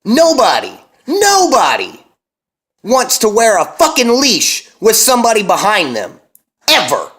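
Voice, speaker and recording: A young man and parent delivering a heated, emphatic monologue, cursing often and slowing down to hammer his points. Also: sits high, big pitch swings, bright, forceful tone. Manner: intense, emphatic, heavy cursing, slows to hammer key words. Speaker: vlogger and parent.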